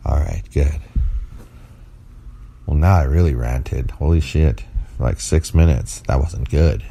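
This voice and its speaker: A man's voice: rumbling low, a little slow, creaky, dark tone. A man co-hosting a podcast, talking in a rambling, playful, teasing way and sounding tired. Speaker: podcast co-host. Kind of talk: casual chat.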